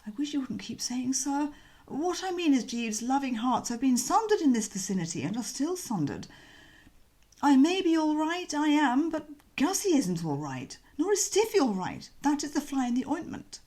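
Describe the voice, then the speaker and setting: Woman doing a chirpy young toff, high and bouncy, swoops all over, audiobook. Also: moderate pace. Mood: breezy. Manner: bouncy, lively, slangy. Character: cheerful young gentleman, breezy and chatty. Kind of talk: audiobook character reading.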